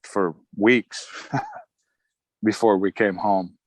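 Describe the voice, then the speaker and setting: Man, middle-aged, army veteran, casual storytelling, lowish voice, dry close sound. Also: drawn-out words, no room sound, poor audio. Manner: relaxed, chuckling, acts out quotes of others. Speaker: Army Ranger veteran telling his story.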